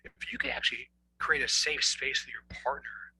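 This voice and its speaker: Male coach guest, very forceful tense tone, earnest, acts out inner dialogue. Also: medium pitch, very animated, moderate pace, creaky, husky, rough recording. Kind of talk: conversational explaining.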